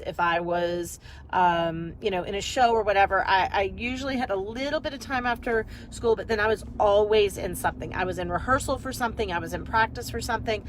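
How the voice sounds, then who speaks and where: A woman business coach chatting casually on a live video, rambling and energetic, talking into a phone while driving. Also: medium pitch, a little hiss or hum, rough recording.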